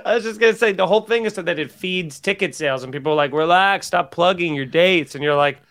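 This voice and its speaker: A man, a comedian guest on a podcast, in casual chat, quick and joking, riffing in mock voices. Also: high-pitched, fairly bright tone.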